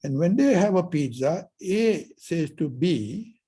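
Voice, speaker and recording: A man's voice: fairly high pitch, lively intonation, slow pace, dark tone, husky. A man giving a university lecture as professor, telling stories and acting out the dialogue. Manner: storytelling, acts out dialogues. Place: lecture hall.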